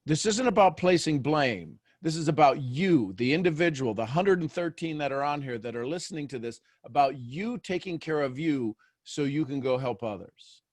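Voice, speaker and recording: A man's voice: fairly high pitch, expressive, moderate pace, few pauses, no room sound, clean studio sound. A man hosting a daily motivational show, talking live to listeners. He keeps asking them questions and repeats phrases as he builds each point.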